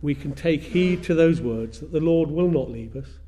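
A man preaching a sermon in a measured way, repeating phrases for emphasis. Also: on the high side, mellow.

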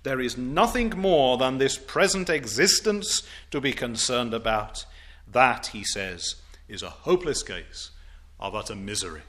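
Man, preacher, sermon, slow deliberate pace, emphatic stressed phrases. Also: animated. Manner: falls to a low, quiet voice on solemn points.

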